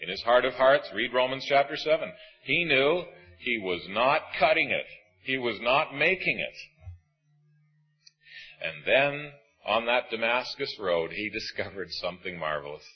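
A man preaching a sermon to a congregation in an auditorium, animated and acting out voices of the people in his stories. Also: medium pitch, a little slow, husky, muffled recording.

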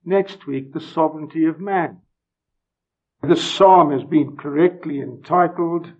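A man preaching a solemn, emphatic sermon, his voice swinging from loud declarations to hushed words. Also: a little high, unhurried. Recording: dull lo-fi recording.

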